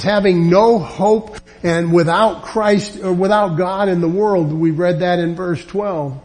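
A man's voice: on the high side, a little mellow. A man teaching a verse-by-verse Bible lesson, earnest and emphatic, often restarting his sentences.

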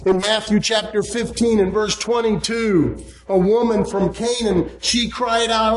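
A man preaching a sermon, speaking slowly and emphatically and citing scripture chapter and verse. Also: high voice, rough recording. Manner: slow, emphatic preaching, quoting scripture references.

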